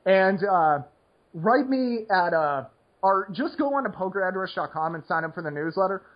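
A man's voice: high-pitched, brisk, highs cut off. A man hosting a poker podcast, rambling casually with lots of "like" and restarts. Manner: rambling, heavy use of "like" and restarts.

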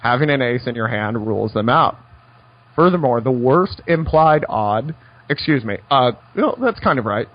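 A man's voice: mid-range voice, lively intonation, normal speed, dry recording, highs cut off. A man teaching poker strategy in a conversational way, telling stories with dry, wry asides. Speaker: poker coach. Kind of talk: instructional poker talk.

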